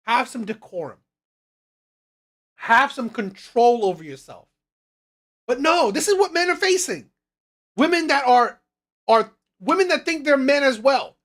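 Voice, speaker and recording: A woman hosting her own commentary channel, giving blunt, emphatic opinions and repeating her points. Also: high voice.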